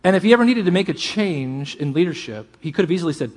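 A pastor preaching a sermon, earnest and emphatic, often dropping to a hush. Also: male voice, a little high, animated, fast, few pauses.

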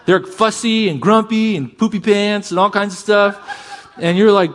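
A middle-aged male pastor delivers a lively sermon, rising to loud emphatic peaks and dropping to quieter asides. His voice sits a little high for a man. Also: normal speed.

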